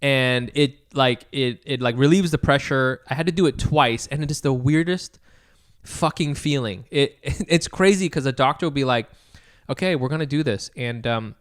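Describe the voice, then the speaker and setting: Smooth-voiced swearing podcast storyteller man. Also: mid-range voice, moderate pace. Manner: rambling storyteller, swears casually. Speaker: podcast co-host. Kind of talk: casual chat.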